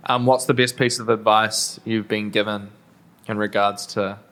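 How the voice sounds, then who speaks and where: A man hosting a podcast interview, asking thoughtful questions in a measured way. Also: fairly low pitch, flat delivery, pushed and bright. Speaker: podcast host.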